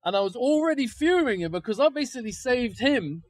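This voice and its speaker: A man, co-hosting a podcast and animatedly telling a story outdoors, swearing freely and acting out shouted lines. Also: extremely high pitch, a little fast, dry recording. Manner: animated, swears a lot, acts out shouted quotes. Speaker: podcast co-host. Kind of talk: casual storytelling. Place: outdoors on location.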